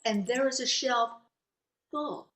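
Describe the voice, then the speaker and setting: A woman's voice: fairly high pitch, slow pace. A woman telling a personal story at a live storytelling event, acting out her own quoted lines with drama. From United States. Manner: animated, dramatic, acts out quotes.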